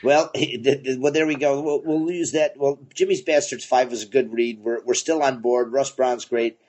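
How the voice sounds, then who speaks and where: A man co-hosting a casual comics podcast, excitable and profane, laughing often. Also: mid-range voice, moderate pace. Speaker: podcast co-host, comic shop owner. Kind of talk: casual chat about comics.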